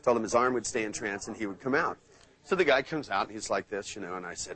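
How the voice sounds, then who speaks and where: A man running a live hypnosis seminar, playful and storytelling, sinking into a slow hypnotic tone when he demos trance suggestions. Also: fairly low pitch, animated, fairly bright tone, low-quality recording. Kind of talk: live seminar teaching with anecdotes. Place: seminar room with live audience.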